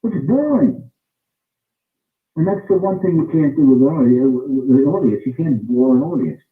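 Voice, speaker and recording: A man's voice: mid-range voice, fairly quick, far from the mic. Man explaining on a tinny, roomy line. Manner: emphatic, repeats points for stress. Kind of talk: interview answer, explaining. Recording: tinny phone-like sound, roomy, off-mic.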